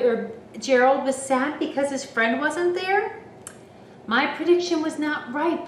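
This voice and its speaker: High-voiced woman reading to children. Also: a little hiss or hum. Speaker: teacher. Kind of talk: children's read-aloud lesson. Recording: roomy, from a distance.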